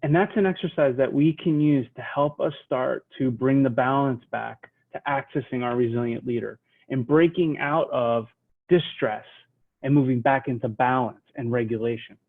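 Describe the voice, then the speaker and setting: A man teaching a leadership lesson, guiding listeners through a slow mindful breathing exercise and speaking in a soothing manner. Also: mid-range voice. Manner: slow, soothing, drops to a hush while counting breaths. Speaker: leadership trainer. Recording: tinny phone-like sound.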